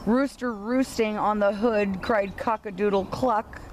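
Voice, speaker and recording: Slow, playful woman reading a picture book. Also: medium pitch, steady tone, a little hiss or hum. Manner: slow, playful read-aloud with lifted character lines. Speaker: storybook reader.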